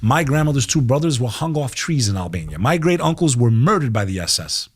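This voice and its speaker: A man's voice: medium pitch, big pitch swings, a little fast, husky, no echo, clean studio sound. A middle-aged American man, a podcast guest, talking heatedly and emphatically, swearing and throwing in "bro" as he makes his case. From United States. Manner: heated, emphatic, profane, keeps saying "bro". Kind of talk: impassioned podcast talk.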